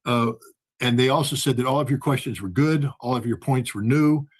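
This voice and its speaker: Male guest, husky voice, animated storyteller who acts out the dialogue. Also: mid-range voice, brisk. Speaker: guest, former weapons inspector. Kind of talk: storytelling in a conversation.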